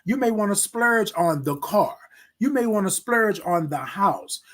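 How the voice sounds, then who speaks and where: An unhurried, preachy man with a high, lively, swinging voice gives a motivational talk on his live morning stream. The adult military veteran addresses viewers directly and repeats key phrases.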